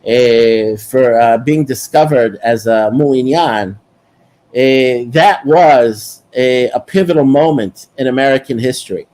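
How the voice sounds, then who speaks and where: New york guy rambling on, lots of uh's and restarts, middle-pitched voice. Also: slow, darkish tone. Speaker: guest. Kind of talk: casual chat.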